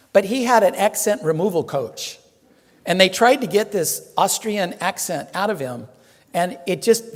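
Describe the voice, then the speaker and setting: A reverend gives a relaxed, chatty sermon, joking with his congregation and pausing on plenty of fillers. His voice sits a little high for a man. The sound rings with the long reverb of a temple hall. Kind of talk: casual sermon.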